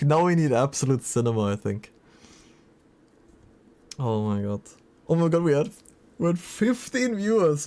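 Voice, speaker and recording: A man's voice: fairly high pitch, very animated, a little slow, pauses often, mellow. Chatty man streaming live. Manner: chatty, reacts to chat messages. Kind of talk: casual livestream chat.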